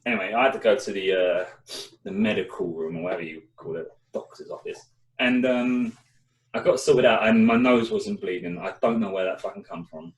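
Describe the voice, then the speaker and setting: Fairly quick and lowish in pitch, a young man co-hosts a casual chat show, recounting a story with lots of swearing and energy. He's far from the mic, and the room is echoey.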